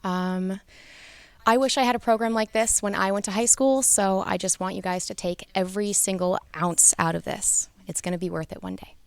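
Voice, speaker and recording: A woman's voice: medium pitch, fairly even intonation, normal speed, creaky, clear, resonant tone, dry recording. A young adult woman engineer introducing herself at an event, earnest and encouraging. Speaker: engineer mentor.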